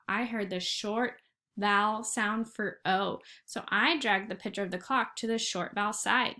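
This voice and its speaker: Slow, patient woman teaching phonics. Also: medium pitch, sharp tone. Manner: slow, patient, encouraging, stretches out sounds. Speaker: first grade teacher. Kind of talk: recorded online phonics lesson.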